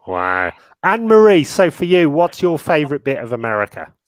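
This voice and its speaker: An upbeat man runs a casual interview, asking questions enthusiastically. His voice is somewhat high for a man, and the sound is dry, with no room echo. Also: very animated, brisk.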